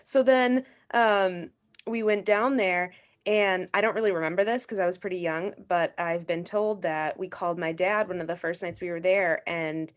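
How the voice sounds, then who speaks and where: A young woman hosting a casual podcast, chatty and quick to laugh and agree, telling stories in an easy way. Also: on the low side, steady tone. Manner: laughs often, eager agreement, chatty storytelling. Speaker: podcast host.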